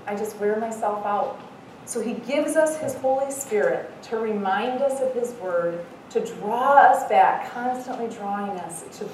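A middle-aged woman giving an earnest devotional talk as a Bible study speaker, mixing in lively self-mocking stories. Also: medium pitch. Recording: echoey room, mic far off, faint noise.

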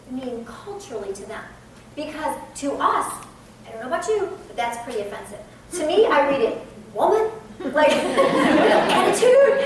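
A woman in her forties with an American accent, giving a conversational Bible teaching in an earnest tone. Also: high voice. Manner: earnest, conversational, laughs at herself. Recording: echoey room from a distance, faint background noise.

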